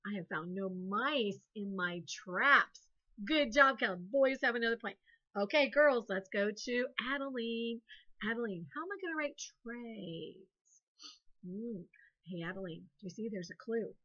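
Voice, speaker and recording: A woman, a second grade teacher giving a playful, animated phonics lesson to young children. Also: fairly high pitch, a little slow, highs cut off.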